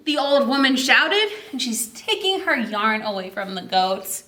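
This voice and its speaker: A woman's voice: sits high, sing-song, moderate pace, few pauses, sharp tone, slight background noise. A woman, a children's librarian, reading a picture book aloud at storytime and stopping to ask the children questions. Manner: reads to children and asks them questions. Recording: roomy echo.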